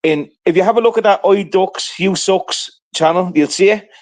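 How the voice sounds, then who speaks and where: A man's voice: sits high, normal speed. A man telling a rambling, profane story in casual livestream chat, peppering it with "right?".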